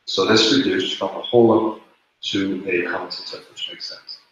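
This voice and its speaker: A man's voice: low-pitched, steady tone, normal speed, a bit bright, slight background noise. A man teaching a classroom lesson, explaining rules step by step and repeating the key points. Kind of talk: classroom lecture. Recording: echoey room, dull lo-fi sound.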